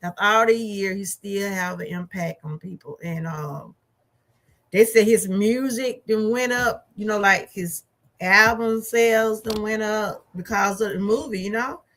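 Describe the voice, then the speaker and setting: A middle-aged woman, reviewing a movie in a chatty, animated way. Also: mid-range voice, measured pace. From Georgia, USA. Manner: animated, chatty storytelling with laughs and asides. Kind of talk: casual chat.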